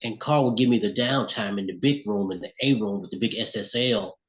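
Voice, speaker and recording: Give me a middle-aged man with a Southern accent, an animated storyteller, recorded dull and lo-fi. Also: fairly low pitch, brisk. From Alabama, US. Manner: animated storyteller, acts out voices in quotes. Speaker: recording artist, interview guest. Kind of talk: storytelling in casual interview.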